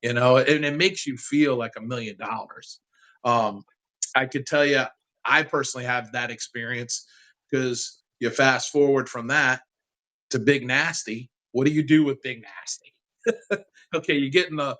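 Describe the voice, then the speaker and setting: A man in his fifties, a guest on a sports interview, telling a heartfelt childhood story in an animated, casual way. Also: mid-range voice, moderate pace, rough recording.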